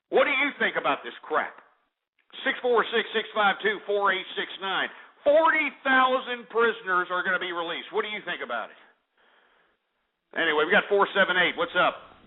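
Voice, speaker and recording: A man's voice: high-pitched, narrow, tinny audio. A male radio talk show host ranting at callers in a profane, combative way. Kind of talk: call-in talk radio rant.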